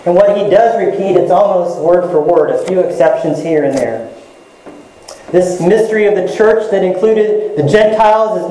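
A man's voice: a little high, mellow. A male pastor giving a sermon, reading scripture and explaining it earnestly, repeating his key points. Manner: earnest, repeats key phrases, addresses listeners as loved ones. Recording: very echoey church room.

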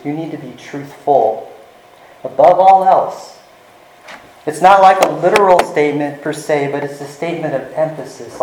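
A man's voice: a little high, darkish tone. Earnest male pastor in an echoey room. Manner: earnest, varies volume, slows for emphasis. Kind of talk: sermon.

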